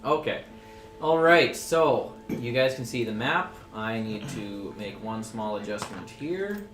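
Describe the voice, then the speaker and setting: A man's voice: lowish voice, lively intonation, takes it slowly. Man running a tabletop game, echoey room. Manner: stops to fix the software and asks players to wait. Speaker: game master. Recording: echoey room, faint music behind.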